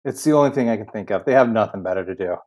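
A man co-hosting a relaxed movie podcast who laughs constantly. His pitch bounces around a lot as he cuts in with enthusiastic comments and reenacted lines. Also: very fast. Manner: laughs a lot, jumps in with excited asides. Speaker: podcast co-host. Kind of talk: casual movie chat.

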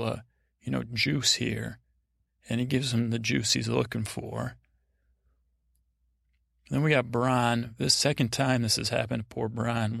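A man's voice: mid-range voice, vocal fry, a bit bright, no echo, studio quality. A man hosting a podcast, giving a rambling, meandering sleep-aid recap of a TV episode. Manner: meandering, digressive retelling. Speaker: podcast host.

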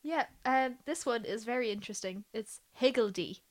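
A woman's voice: a little high, normal speed. A woman co-hosting a podcast, chatting casually and expressively. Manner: chatty, expressive, swears lightly. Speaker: podcast co-host. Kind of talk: casual chat.

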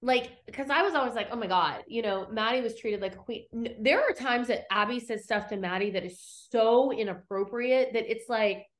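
A woman's voice: fairly high pitch, moderate pace, few pauses. A woman co-hosting a podcast, telling a story with animation, acting out what others said and swearing now and then. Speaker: podcast co-host. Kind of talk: casual recap chat.

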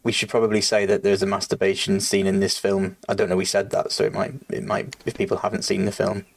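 Low, even-toned male podcast co-host. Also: quick pace, vocal fry. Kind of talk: casual film discussion.

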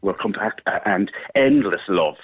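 A middle-aged Irish man, a theatre performer, talking warmly and effusively in a radio interview, rambling with restarts. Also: deep voice, lively intonation, normal speed, slightly rough, no room sound. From Ireland. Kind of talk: casual interview chat. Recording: dry phone-like line.

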